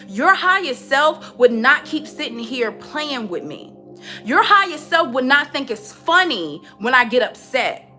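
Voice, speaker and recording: A young woman talks through a spiritual reading in a loose, frank manner, stumbling and repeating words when she gets going. Her voice is bright and a little high, with faint music playing underneath. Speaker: tarot reader. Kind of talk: spiritual reading, casual monologue.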